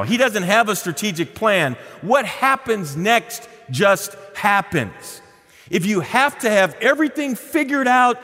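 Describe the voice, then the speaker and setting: A middle-aged man preaches with warm humor, and his pitch swings widely, from bright highs down to hushed, quiet lines. His voice sits a little high for a man. It rings with a long hall reverb. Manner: conversational preaching with humor and sudden drops to a quiet voice. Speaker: pastor. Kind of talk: sermon.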